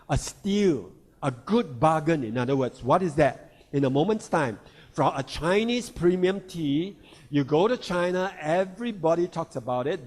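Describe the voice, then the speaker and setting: A man's voice: on the high side, darkish tone. A man giving an instructional health talk who keeps checking in with his listeners. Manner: checks in with listeners, asking "right?" and "all right?". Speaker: health presenter.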